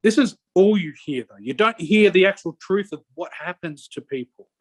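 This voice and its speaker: Man, middle-aged, slightly high voice, rambling and halting, dry recording. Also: animated, dry recording. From Australia. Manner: rambling, halting with many restarts. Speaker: interview guest. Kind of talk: conversational personal account.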